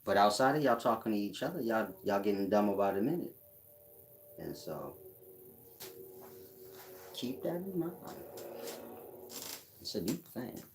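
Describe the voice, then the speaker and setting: A man's voice: lowish voice, very animated, a little slow, pauses often, slight background noise. A man hosting a casual livestream, reading out chat comments and answering them in a blunt, mocking way with frequent laughs. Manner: blunt, mocking, laughs at his own jabs.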